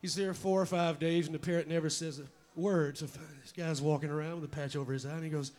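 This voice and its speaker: A man tells a long joke on stage in a loose, conversational way. His voice sits a touch high for a man, and he swears casually as he goes. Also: fairly even intonation, quick pace, darkish tone. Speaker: stand-up joke teller and musician.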